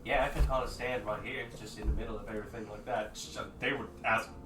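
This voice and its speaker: A man narrating as game master of a tabletop game, lively and quick to jump into shouting voices for the figures. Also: on the low side. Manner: animated, jumps into shouted character voices. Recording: echoey room from far off, faint noise.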